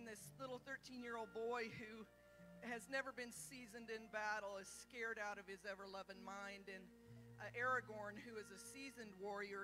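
Bright-voiced woman sharing an earnest word. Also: medium pitch, low-quality recording. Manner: earnest, retells a film scene at length. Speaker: church member sharing a word. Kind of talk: spontaneous testimony in church.

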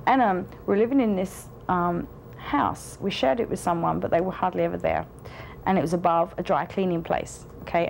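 A frank, rambly storyteller, lots of like and you know, swears a lot. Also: female voice, on the low side, gravelly, a little mellow, slight background noise. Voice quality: rambling, heavy fillers and swearing. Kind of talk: casual rambling anecdote.

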